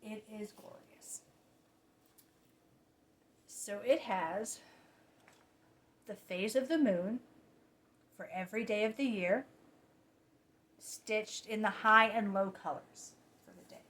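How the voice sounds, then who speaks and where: A woman's voice: medium pitch, takes it slowly, long pauses. A woman, chatting casually about her cross-stitch projects late at night, sounding tired and often correcting herself. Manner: chatty, self-correcting, drops to soft asides. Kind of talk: casual chat. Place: home at night.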